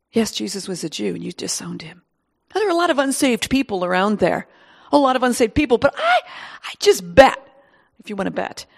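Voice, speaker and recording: Animated high-voiced woman preaching. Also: vocal fry. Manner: animated, exclamatory, acts out voices in retelling. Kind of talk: sermon.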